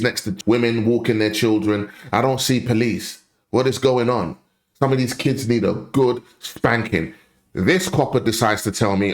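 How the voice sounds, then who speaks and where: Blunt impassioned man ranting. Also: mid-range voice. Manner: blunt, impassioned, repeats points for emphasis. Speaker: commentary host. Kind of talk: opinion rant reacting to a clip.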